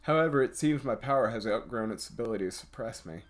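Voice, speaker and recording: A man reading aloud and voicing a powerful, proud female dragon in a game, a bit louder and higher than his own voice. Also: animated, fast talker, lightly acted. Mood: commanding. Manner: louder and slightly raised when voicing her.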